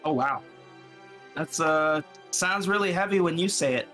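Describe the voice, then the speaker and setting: A man from Canada chatting as a player at a tabletop game, friendly and halting, often stumbling over repeated words. His voice sits fairly high for a man, with clear music playing behind him. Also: a bit bright. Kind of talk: casual chat.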